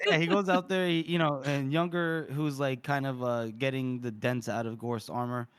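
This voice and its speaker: A man's voice: mid-range voice, steady tone, moderate pace, smooth. A man co-hosting a book podcast, playfully recapping chapters with frequent laughs.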